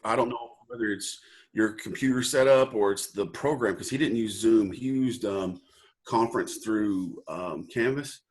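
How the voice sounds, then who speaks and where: A young male student chats over a video call in a relaxed, rambling way, filling his sentences with like and um. His voice sits somewhat low. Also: moderate pace. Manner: laid-back, lots of like and um. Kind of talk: casual chat.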